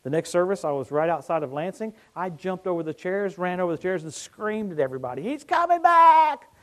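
A middle-aged man preaching a sermon, telling stories that swing from hushed tones to excited shouting. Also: a little high, quick pace.

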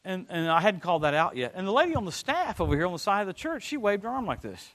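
Lively high-voiced man preaching a sermon. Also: quick pace. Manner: animated storytelling with laughs and sudden swings in loudness.

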